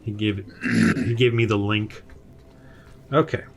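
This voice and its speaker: A man running a tabletop game as game master, relaxed and hesitant, with many fillers, talking over a home computer mic on a voice call. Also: fairly low pitch, slow pace, gravelly, slight background noise.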